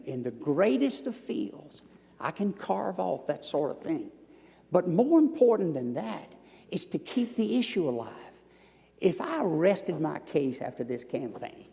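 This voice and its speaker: Southern man in his sixties, lecture storyteller, drops to hushed asides, gravelly voice in a reverberant hall. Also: on the high side. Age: 60s. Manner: storytelling, swings from loud emphasis to near-whispers. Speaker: guest lecturer. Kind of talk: public lecture answering audience.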